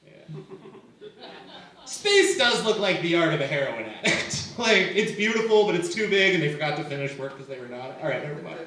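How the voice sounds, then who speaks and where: A man's voice: a little high, lively intonation, brisk, bright, forceful tone, heavy reverb, far from the mic. A young man performing a stand-up comedy set, conversational and self-mocking, filler words all through. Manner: conversational, self-mocking, lots of "like" and "you know". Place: small comedy venue with live audience.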